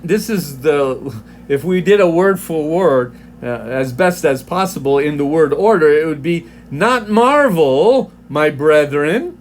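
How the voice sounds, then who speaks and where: A man's voice: fairly high pitch, darkish tone, a little hiss or hum. A man teaching a devotional Bible lesson, reading from commentaries and explaining them, often restarting his words and checking in with "right?". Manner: slow, deliberate, reads from commentaries with frequent restarts.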